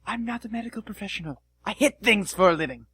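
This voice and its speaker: A short-tempered dwarf captain of the guard storms in, bellowing every line in a strained, raised voice, as a man puts him on. He is gruff and blustering, with a bright, forceful tone in a dry, close recording. The delivery is loud enough to tip into shouting. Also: sits high, fast, no echo, pitched above the performer's own voice, exaggerated voice.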